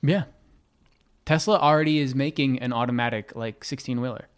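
A young man guest on a podcast, telling rambling stories in a relaxed, casual chat. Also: mid-range voice, a little fast.

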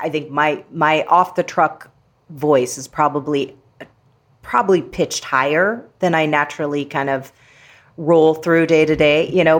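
Woman, low voice, author guest, reflective, playful, casual filler-heavy talk.

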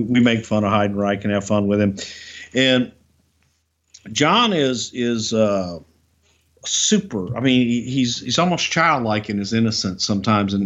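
A man's voice: medium pitch, a bit bright, highs cut off. A man co-hosting a podcast, telling stories in a rambling, chatty way. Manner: rambling, with many fillers and restarts. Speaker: podcast co-host. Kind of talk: casual storytelling chat.

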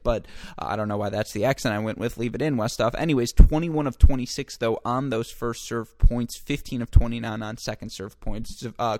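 A man in the host's chair of a sports podcast, with a middling pitch. He talks loosely and chattily, wanders off on asides and fixes his own wording as he goes. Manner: rambling, self-correcting, chatty asides. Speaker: podcast host. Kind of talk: sports podcast commentary and interview.

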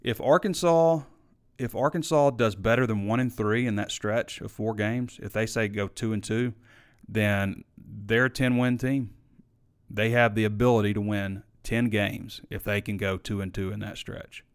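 A man's voice: on the low side, steady tone, moderate pace, clear, resonant tone. A man hosting a live sports talk show, chatting casually and opinionated, reading viewer comments and arguing back. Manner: opinionated, conversational, frequent fillers.

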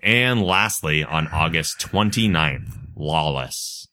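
A man hosting a podcast in casual chat, talking in a relaxed, chatty way and reading out plugs and contact details. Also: very deep voice, slow pace. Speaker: podcast host.

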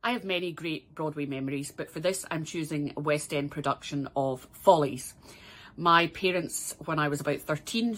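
A woman recording a fond, earnest personal memory for a show. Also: low voice. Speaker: listener sending a memory.

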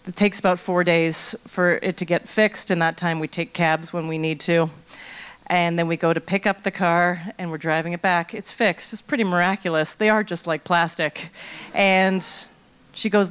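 Middle-aged woman, clear smooth tone, comic live storyteller who acts out her quotes. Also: lowish voice, fairly even intonation, unhurried.

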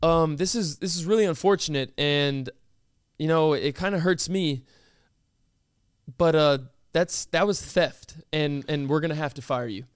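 A stern, coldly polite store manager woman, put on by a man in a lowered, quieter voice. She is flat and formal, hesitates with ums, and is bone-dry and close. She stays calm and never raises her voice. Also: unhurried, smooth, no room sound, close to an everyday voice. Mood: stiff, formal.

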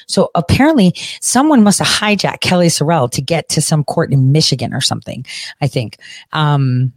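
A woman's voice: low-pitched, normal speed, no room sound. A woman giving casual, rambling political commentary in a blunt, indignant and profane way.

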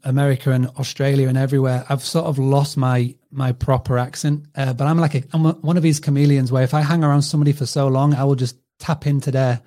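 A man's voice: mid-range voice, little pitch movement, fast, few pauses, warm tone. A man from northern England with a mixed accent, a podcast guest chatting casually, laughing and restarting his sentences. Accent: Northern English, mixed. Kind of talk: casual interview chat.

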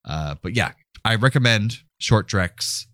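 A man's voice: fairly low pitch, unhurried, dry recording, studio quality. A man co-hosting a nerd culture podcast, chatting casually and laughing easily. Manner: animated, laughs a lot. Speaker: podcast co-host. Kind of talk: casual chat.

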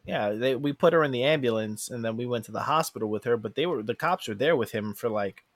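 A man's voice: fast, no echo, clean studio sound. A man co-hosting a casual wrestling podcast, retelling a show with acted-out quotes and big jumps in his voice. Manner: animated storyteller, acts out quotes with big pitch jumps. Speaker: podcast co-host. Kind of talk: casual wrestling recap chat.

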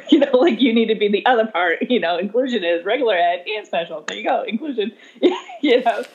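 A woman special education teacher telling a story in conversation, animated, laughing often and voicing the people she quotes. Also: on the high side, fairly quick. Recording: slightly dull lo-fi sound.

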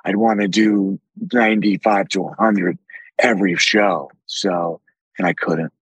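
A man with a deep, raspy voice, telling animated stories with frequent swearing as a podcast guest. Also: measured pace, no room sound, poor audio. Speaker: actor guest. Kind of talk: casual podcast interview.

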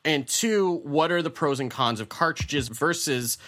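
A man co-hosting a relaxed podcast conversation, with a bright, ringing tone. He talks in a chatty, loose way, often restarting his sentences as he thinks aloud. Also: on the high side, a little slow. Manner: reads listener question then answers, chatty with many restarts. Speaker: podcast co-host. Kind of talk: casual chat.

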